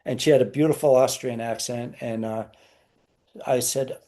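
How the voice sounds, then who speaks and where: A man's voice: mid-range voice, steady tone, moderate pace, warm tone. A man, a podcast guest, telling anecdotes in an easygoing, storytelling way. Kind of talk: podcast interview.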